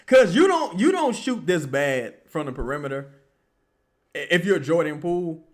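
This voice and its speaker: A young man streaming live fan commentary on a basketball game, excitable and profane, often bursting into yells at the players. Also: on the high side, normal speed.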